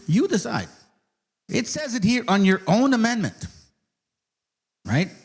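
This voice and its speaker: A man hosting his own channel, ranting in casual commentary, profane and mocking, sometimes reading a document aloud slowly. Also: sits high, huge pitch swings, slightly rough. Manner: reads aloud slowly, then speeds up. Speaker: channel host.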